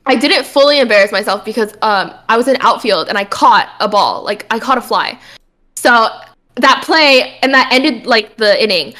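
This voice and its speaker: A young woman with a slightly high voice, chatting casually as a podcast co-host. She tells her story in an animated way, acting out what people said, with plenty of swearing mixed in. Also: normal speed. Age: young adult. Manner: animated storytelling, acts out quotes, frequent swearing. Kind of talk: casual chat.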